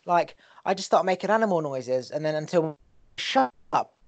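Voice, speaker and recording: A man's voice: on the high side, animated, brisk, highs cut off. A man, a podcast guest chatting casually in a crude, jokey, laid-back way.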